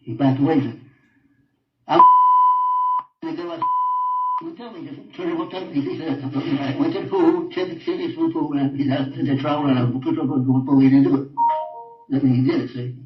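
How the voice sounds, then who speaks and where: An older man giving a halting personal account in an interview, repeating himself and often trailing off quietly. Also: on the high side, steady tone. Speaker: interviewed father. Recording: roomy, distant, dull audio.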